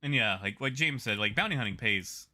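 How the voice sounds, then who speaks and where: A man's voice: medium pitch, expressive, brisk, bright, forceful tone. A man streaming a game, chatting casually and rambling in a self-mocking way.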